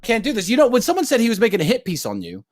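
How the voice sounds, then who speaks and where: A man fires off boastful insults at a quick clip, his voice high-set and swinging up and down in pitch. The sound is dry and close, with no room around it. He stays combative and scornful throughout. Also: wildly swooping pitch, dry recording. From Luton, England. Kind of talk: combative talk show rant.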